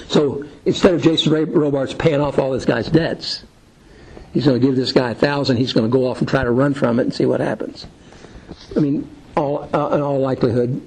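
A man teaches a Bible study in a loose, rambling way, full of fillers and asides. His voice is gravelly, dark and husky. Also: medium pitch, poor audio. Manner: conversational, rambling, many fillers; retells film scenes as illustrations.

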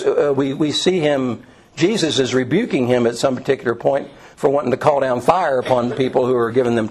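A man's voice: medium pitch, a little mellow, breathy edge, low-quality recording. A middle-aged man leading an informal Bible study class, lecturing in a conversational way with frequent fillers and restarts.

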